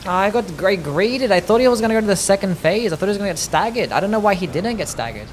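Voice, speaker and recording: A man's voice: high-pitched, lively intonation, quick pace, a little hiss or hum. A man streaming a video game at his home desk, giving casual commentary in a grumbling, self-pitying way, repeating his complaints and swearing. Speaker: live streamer playing a game.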